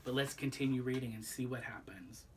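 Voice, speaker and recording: A man's voice: medium pitch, a little fast, distant mic, a little hiss or hum. Man reading a children's storybook aloud. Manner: gentle, explaining asides to young listeners. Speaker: storybook reader.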